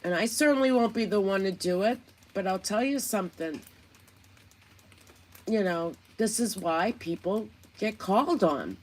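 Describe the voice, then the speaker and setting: Woman, commentary host, slow and deliberate, chatty, indignant. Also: medium pitch, expressive. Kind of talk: casual commentary vlog.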